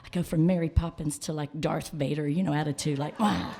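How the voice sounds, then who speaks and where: A woman's voice: low voice, fairly even intonation, quick pace, mellow. A woman country singer chatting on stage between songs at a live radio show, telling stories with a laugh. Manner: self-deprecating, laughing storyteller. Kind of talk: stage banter and live singing. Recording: live concert broadcast with band music.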